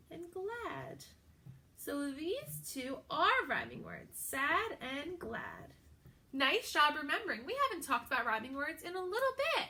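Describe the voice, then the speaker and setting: A young adult woman teaching a video lesson to young children, talking in a slow, sing-song, encouraging way. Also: high-pitched, sharp tone. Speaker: pre-K teacher.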